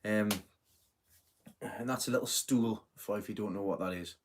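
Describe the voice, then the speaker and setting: A man's voice: fairly low pitch, normal speed. A middle-aged man hosting a casual live stream, chatting in a rambling way, full of fillers and self-corrections. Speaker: host of a live gardening stream.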